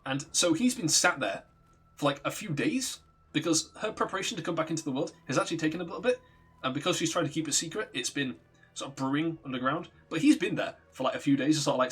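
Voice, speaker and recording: A man's voice: on the high side, sing-song, brisk, a bit bright, breathy edge, faint music behind. A man streaming a game, telling a story in a rambling, casual way, swearing and laughing often. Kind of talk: casual story narration while gaming.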